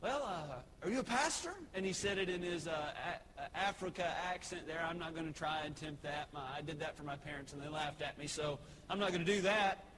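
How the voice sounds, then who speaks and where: A Texan man with a notably high voice preaches an evening sermon from the pulpit. He talks in a loose, storytelling way with frequent fillers. A clear hiss of noise sits under the recording. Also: steady tone, brisk, hardly any pauses, a bit bright, rough recording. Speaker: pastor. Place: church sanctuary.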